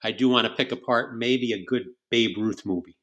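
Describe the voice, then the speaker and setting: A man's voice: medium pitch, moderate pace, a bit bright, highs cut off. A man hosting a podcast who wraps up the episode with effusive thanks to the guests and plugs for the show. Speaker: podcast host. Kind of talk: closing thanks and sign-off.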